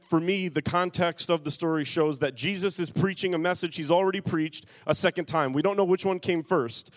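Man, pastor, sermon, call-and-response, slow emphatic scripture reading, slightly high voice. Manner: preaching with call-and-response to the congregation; reads scripture slowly and emphatically.

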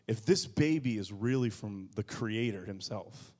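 A man preaching a sermon as pastor, moving between quiet low asides and loud, high bursts of emphasis. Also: expressive, a little slow. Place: church.

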